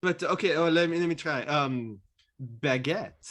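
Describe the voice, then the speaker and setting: A man's voice: fairly high pitch, moderate pace, fairly bright tone, close to an everyday voice. A man playing an amorous French ex-lover in a put-on French accent, hammy and pleading, over a video call.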